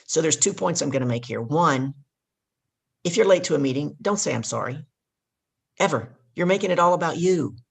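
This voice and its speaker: A woman's voice: sits low, animated, a little fast, vocal fry, husky. A woman guest and leadership coach in an interview, telling stories with emphatic, teaching delivery. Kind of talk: casual interview talk.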